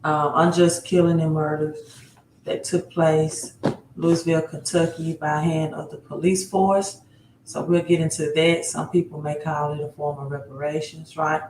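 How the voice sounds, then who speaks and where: Her low, darkish voice moves little in pitch at a moderate pace, with a little hiss or hum and roomy echo. As a livestream host, she welcomes viewers one by one, repeats place names and tags phrases with "right?".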